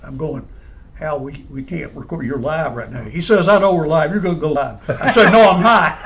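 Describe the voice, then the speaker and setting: A man's voice: on the high side, moderate pace, fairly bright tone, a little hiss or hum. A man telling funny stories in casual chat, laughing through his punchlines. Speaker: radio personality guest.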